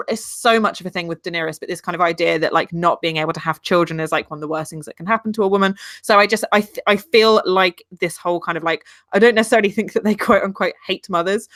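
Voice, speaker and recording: A woman's voice: lowish voice, no echo, studio quality. A woman on a live online chat show, talking things through animatedly with a laugh here and there. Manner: animated, thinking aloud, laughing. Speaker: panelist. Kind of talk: casual live-stream chat.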